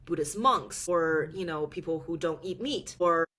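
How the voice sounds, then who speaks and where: A woman in her thirties, originally from China, speaks as a podcast guest with a fairly low natural voice. She tells her story expressively and laughs often, her pitch leaping upward whenever a point excites her. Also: moderate pace, slightly rough. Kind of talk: casual interview chat.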